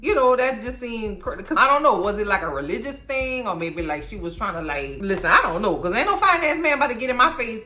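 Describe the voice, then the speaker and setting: A woman giving a casual, sassy movie recap, slangy and animated as she tells the story. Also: a little high, brisk, hardly any pauses, roomy sound, slight background noise. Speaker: YouTube film recapper.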